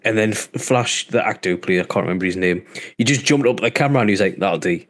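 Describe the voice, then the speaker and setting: A man with a northern English accent, co-hosting a podcast and telling stories in a relaxed, hesitant way. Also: lowish voice, fast. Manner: relaxed, hesitant storyteller full of ums. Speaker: podcast co-host. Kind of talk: casual chat.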